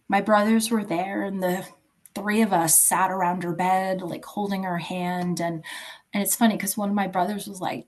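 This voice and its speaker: A woman in her fifties, a podcast guest telling a personal story in a halting, soft voice that searches for words. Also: medium pitch. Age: 50s.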